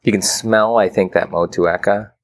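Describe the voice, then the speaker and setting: A man's voice: fairly low pitch, fairly even intonation, normal speed, a little hiss or hum. A man co-hosting a beer tasting podcast, talking in an easygoing, conversational way. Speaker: co-host of a beer tasting show. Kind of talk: casual chat.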